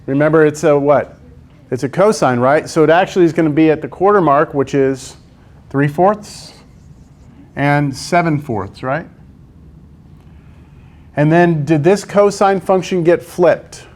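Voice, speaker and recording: A man teaches math in a classroom, his voice sitting a little high for a man. He keeps coaxing his students along and checks in with them again and again as he works through each step. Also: a little slow, pauses often, a little mellow. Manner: coaxing, quizzes students with frequent "right?". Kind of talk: classroom lecture.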